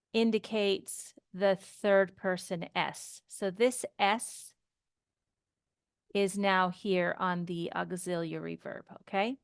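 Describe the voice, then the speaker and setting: A woman teaching an English grammar lesson, explaining slowly and patiently and often checking in with "okay?". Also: medium pitch, smooth, no room sound, studio quality.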